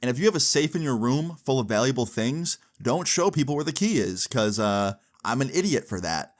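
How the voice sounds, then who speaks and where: This young man tells a story casually, leaning on constant fillers as he goes. His pitch sits in an ordinary middle range for a man. He talks the way people chat with friends. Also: lively intonation, brisk. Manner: chatty, heavy with "like" and "you know" fillers.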